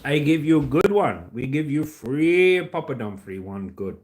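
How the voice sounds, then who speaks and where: A man putting on an Indian accent as a cheerful market trader calling out cheap fish in a loud singsong. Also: on the high side, very animated, unhurried. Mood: hawking. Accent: put-on Indian accent. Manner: singsong, bold, repeating his calls.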